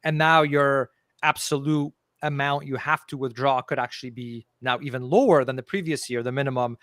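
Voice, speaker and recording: A man's voice: mid-range voice, moderate pace, fairly bright tone, dry recording, studio quality. A man from Canada hosting a podcast, posing long, carefully worded questions. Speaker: podcast host. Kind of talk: interview questions.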